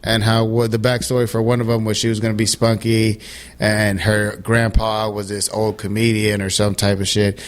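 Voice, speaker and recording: Blunt, cursing male co-host, lower voice. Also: completely flat delivery, normal speed. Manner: blunt, profane, pushes back. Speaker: podcast co-host. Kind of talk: casual chat about movies.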